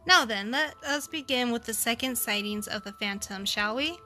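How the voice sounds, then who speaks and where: A woman reading as a courteous young investigator in a mystery game, speaking formally and with measured care. The tone is bright and slightly high. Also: faint music behind. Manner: formal, measured, barely changes her own voice. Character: polite young male investigator.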